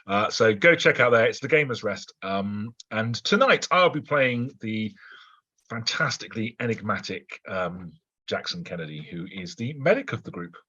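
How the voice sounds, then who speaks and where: A man's voice: fairly low pitch, lively intonation, normal speed, sharp tone, husky, muffled recording. A man, a game designer and player, introducing himself hesitantly with many uhs. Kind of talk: casual introduction.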